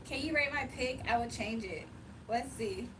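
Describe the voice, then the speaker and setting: Chatty high-voiced woman streamer. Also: moderate pace, recorded from a distance, background noise. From Virginia, USA. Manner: chatty, laughs often, reads chat aloud. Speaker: livestream host. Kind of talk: casual livestream chat reading comments.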